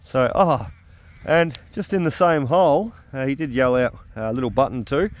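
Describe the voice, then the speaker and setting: A middle-aged Australian man, a metal detecting vlogger, chats upbeat and casually while outdoors at an old house site, using many "uh" fillers. He speaks in a mid-range voice at a moderate pace.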